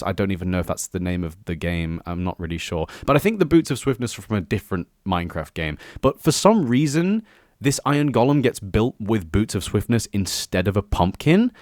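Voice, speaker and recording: A young man giving a casual, excitable, profanity-laden spoken review as a video host. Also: mid-range voice, no echo, clean studio sound. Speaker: YouTube reviewer.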